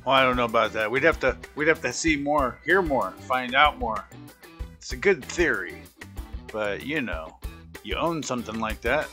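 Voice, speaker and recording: A man's voice: mid-range voice, expressive, moderate pace, bright, forceful tone, faint music behind. A man hosting a reaction show, folksy and teasing in his comments between clips. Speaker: host.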